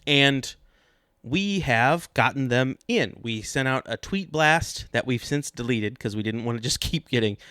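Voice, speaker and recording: Deadpan comedic male podcast co-host. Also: medium pitch, measured pace, clear, resonant tone, dry recording, clean studio sound. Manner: deadpan, mock-serious delivery. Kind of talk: comedic sports podcast banter.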